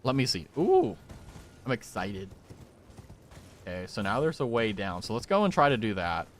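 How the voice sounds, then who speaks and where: A young man chats loosely with his stream while playing, joking and rambling between reactions to the game. His pitch swings dramatically from low mutters to high yelps. A faint hiss sits under the recording. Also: sing-song, moderate pace. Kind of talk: casual gaming stream chat.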